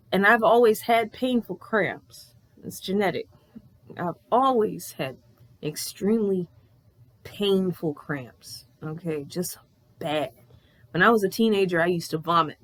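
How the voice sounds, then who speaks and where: A woman in her thirties telling a personal story on her vlog in a candid, animated way, swearing freely. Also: on the low side. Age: 30s. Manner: candid, profane, animated retelling. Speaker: vlogger.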